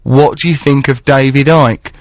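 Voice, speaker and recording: A man's voice: medium pitch, steady tone, normal speed, dry recording. A man hosting a radio show, rambling playfully in casual chat and reading out listener texts. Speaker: radio host. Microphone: studio microphone. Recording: dull lo-fi radio broadcast.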